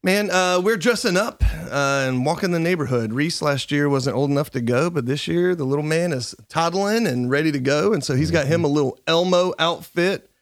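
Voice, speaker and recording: A man's voice: fairly high pitch, moderate pace, hardly any pauses, no echo, clean studio sound. A man in his thirties chatting casually and cracking jokes, often laughing as he talks. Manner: joking, laughs while talking. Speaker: co-host. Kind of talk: casual chat.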